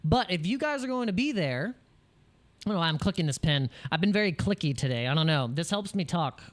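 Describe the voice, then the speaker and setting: A brisk, expressive, slightly high male voice runs a laid-back crypto livestream; the host is American. He's jittery from espresso, rambling and joking with lots of laughter and false starts.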